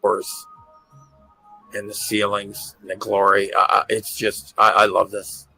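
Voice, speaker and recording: Gravelly man gushing with excitement. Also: lowish voice, unhurried, faint music behind, rough recording. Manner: gushing, repeats himself, stammers. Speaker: host. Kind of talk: excited commentary over pictures.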